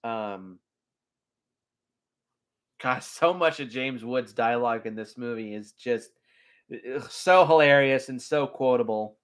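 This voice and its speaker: Slow-talking man reviewing films. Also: mid-range voice, clear, resonant tone. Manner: chatty, enthusiastic, with frequent ums and swearing. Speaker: film reviewer. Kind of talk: casual video commentary.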